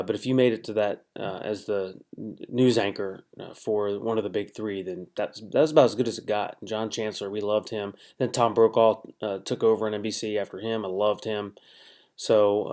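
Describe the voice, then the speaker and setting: A middle-aged man from the United States gives a recorded lesson to his students. His voice sits on the low side, and he talks in a loose, rambling way full of fillers and restarts. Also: darkish tone. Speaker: teacher. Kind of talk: recorded online lecture.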